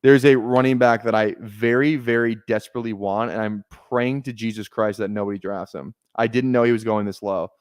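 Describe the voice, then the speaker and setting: A man's voice: fairly low pitch, steady tone, a little fast, hardly any pauses, clean tone, dry recording. A young man casually commenting on a live fantasy football draft stream, rambling, repeating himself and swearing freely.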